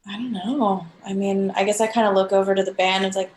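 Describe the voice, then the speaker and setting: A woman plays a tabletop game, speaking hesitantly at a middle pitch. Her voice comes through an echoey room. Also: fairly even intonation, fast talker, a little mellow, slight background noise. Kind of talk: casual game play.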